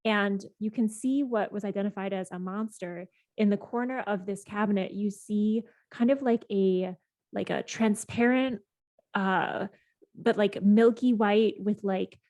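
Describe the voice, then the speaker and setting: A woman's voice: mid-range voice, unhurried, a little mellow. A woman game master narrating a tabletop game in meandering descriptions full of fillers.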